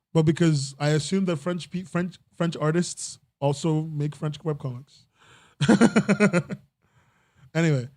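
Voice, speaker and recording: A young man in casual podcast chat, voice sitting a little high for a man. He rambles, restarts his sentences and laughs at his own jokes. The sound is close and dry. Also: darkish tone, dry recording. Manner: rambling, self-interrupting, laughs often. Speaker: podcast host.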